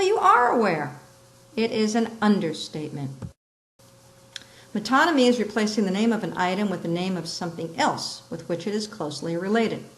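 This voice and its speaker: Expressive woman teaching a lesson. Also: on the low side, low-quality recording. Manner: explains with examples, acts out quoted lines expressively. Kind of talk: recorded lesson on rhetorical terms.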